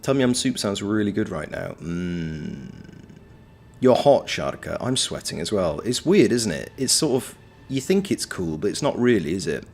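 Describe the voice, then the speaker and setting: A man's voice: fairly low pitch, big pitch swings, moderate pace, darkish tone, slight background noise. A man chatting casually on a game livestream, reading out his chat with wry, playful banter. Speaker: game streamer.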